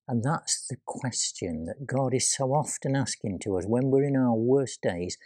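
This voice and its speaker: A man preaching a sermon, retelling scripture with dramatic pauses and hushed quoted voices. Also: mid-range voice, animated, husky, no echo, studio quality.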